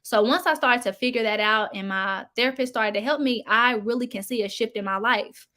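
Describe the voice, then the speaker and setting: A woman's voice: a little high, brisk, sharp tone. Chatty young woman YouTuber. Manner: chatty, frank, speaks straight to her viewers. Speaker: commentary YouTuber. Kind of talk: casual commentary chat.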